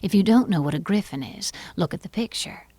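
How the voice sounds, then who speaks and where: A woman narrating an audiobook in an even, clear storytelling manner. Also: lowish voice, brisk, dry recording. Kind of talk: scripted narration.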